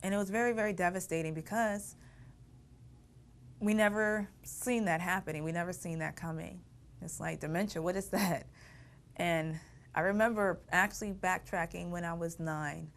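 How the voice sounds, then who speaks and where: A woman's voice: lowish voice, fairly even intonation, moderate pace. A middle-aged woman telling her family story in an interview, reflective and often laughing through painful memories. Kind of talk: personal storytelling.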